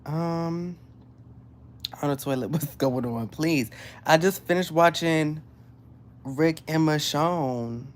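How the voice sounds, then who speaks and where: A woman, hosting a casual livestream and chatting excitedly with viewers. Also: deep voice, slow, long pauses, slight background noise. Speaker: livestream host.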